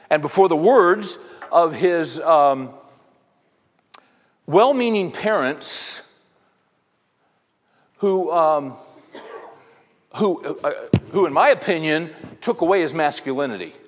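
A middle-aged man with a slightly high, animated voice addresses an audience of men in a conversational sermon, telling rambling anecdotes and firing rhetorical questions at them. He speaks slowly with frequent pauses, and the sound echoes around a reverberant hall.

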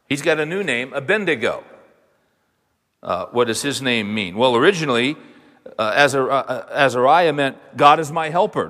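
A man preaching a sermon, animated and voicing the people in his story with dramatic quotes. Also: medium pitch. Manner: animated, voices the prophet and God in dramatic quotes. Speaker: pastor. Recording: long reverb of a large hall.

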